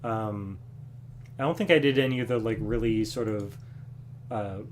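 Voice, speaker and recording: A man hosting a music livestream from home, chatting casually between songs in a relaxed, rambling way with frequent chuckles. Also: on the low side, normal speed, slight background noise. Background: acoustic guitar.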